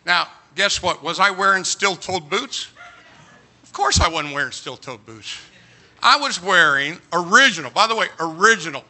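Male preacher, high sharp voice, comic animated storyteller who breaks into shouts. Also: moderate pace. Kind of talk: humorous storytelling sermon.

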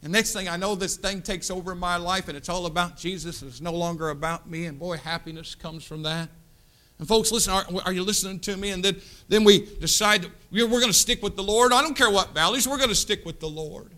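A man in his fifties from the United States preaching a sermon, building to loud impassioned peaks and dropping to hushed asides. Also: high-pitched, brisk. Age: 50s. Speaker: pastor. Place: church sanctuary.

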